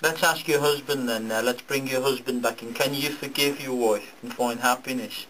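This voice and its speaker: A man leads a seance as a medium. He speaks gently and coaxingly, urging a spirit toward peace. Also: mid-range voice, fairly even intonation, moderate pace, a little hiss or hum, poor audio. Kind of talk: leading a seance.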